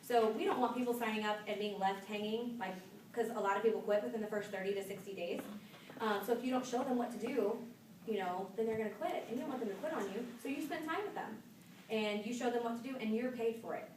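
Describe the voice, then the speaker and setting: A woman's voice: a little high, fast talker, darkish tone. A woman giving a live sales training talk, chatty and upbeat, telling stories from her own work. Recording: echoey room from far off with noise.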